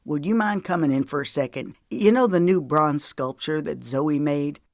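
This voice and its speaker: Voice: moderate pace, creaky, no echo, clean studio sound, natural voice. A narrator voicing an earnest, tender older husband. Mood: casual. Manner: low, urgent, earnest.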